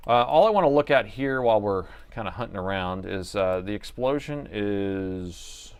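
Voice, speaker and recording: A man's voice: lowish voice, animated, normal speed, clean tone. A man hosting a live laptop repair stream, muttering to himself as he works and chatting casually with viewers. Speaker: livestream repair host.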